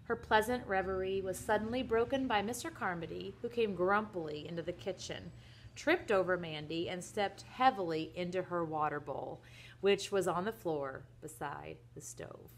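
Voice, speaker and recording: A young woman reading a children's book aloud in a soft, gentle voice that at times drops almost to a whisper. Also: lowish voice, normal speed, slight background noise. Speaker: reader to children.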